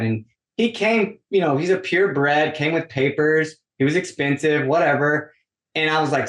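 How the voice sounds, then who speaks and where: A man's voice: mid-range voice, moderate pace. Storytelling man, roomy echo. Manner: animated storytelling, acts out quoted dialogue, frequent "like". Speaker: podcast guest. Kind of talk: casual chat.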